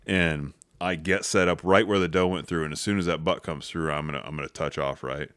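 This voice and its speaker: A man with a very low voice tells a hunting story in casual podcast chat. He swears freely and acts out the other people's lines. The sound is dry and close. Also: steady tone, fairly quick, a bit bright, clean tone, no echo. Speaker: podcast co-host.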